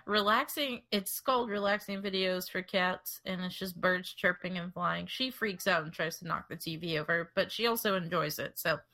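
A woman's voice: fairly low pitch, moderate pace, hardly any pauses, bright, forceful tone. A young adult woman co-hosting a podcast at a desk microphone, rambling and laughing as she steers the talk. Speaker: podcast co-host. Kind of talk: casual chat.

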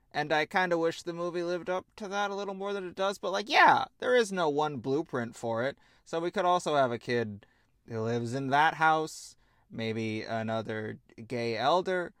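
A man co-hosting a casual podcast chat, animated and laughing, with frequent swearing and quick asides. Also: medium pitch, clean tone, dry recording, clean studio sound. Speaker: podcast co-host.

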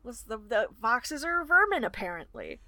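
A woman's voice: fairly high pitch, very animated, moderate pace, bright, forceful tone, dry recording. A woman co-hosting a casual book-club podcast, rambling and self-deprecating. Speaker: podcast co-host.

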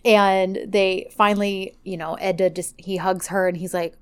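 A woman's voice: mid-range voice, fairly even intonation, normal speed, clear, resonant tone. A woman casually recapping a TV drama with a co-host, animatedly acting out the characters' lines as she goes. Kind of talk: casual chat.

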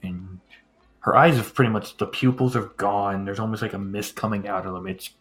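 A man's voice: fairly low pitch, steady tone, moderate pace, fairly bright tone, faint music behind. A man running a tabletop game as game master, describing scenes loosely with many fillers.

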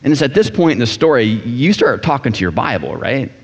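A man preaching a sermon in a casual, animated storytelling manner. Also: medium pitch, brisk, husky. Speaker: pastor. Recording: echoey hall, dull sound.

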